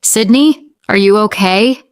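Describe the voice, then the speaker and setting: A woman's voice: medium pitch, a little slow, clear, resonant tone, dry recording, studio quality, close to an everyday voice. A woman voicing a worried, secretive mother who speaks in protective, pleading tones. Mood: gentle worry.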